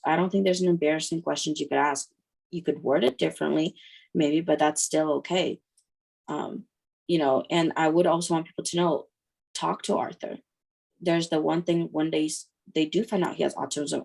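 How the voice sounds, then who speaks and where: A low-pitched woman. She talks as a guest in a relaxed interview, telling stories and slipping into the voices of the people she quotes. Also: moderate pace, creaky, slightly rough. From Ukraine. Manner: lively storytelling that acts out quoted voices. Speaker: guest, mother. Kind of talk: casual interview.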